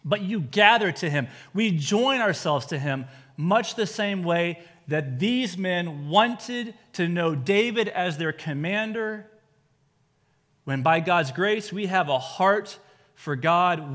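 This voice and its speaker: A man's voice: high voice, expressive, slow, a bit bright, big-room sound. A pastor preaching a sermon, earnest, his voice rising and falling for emphasis.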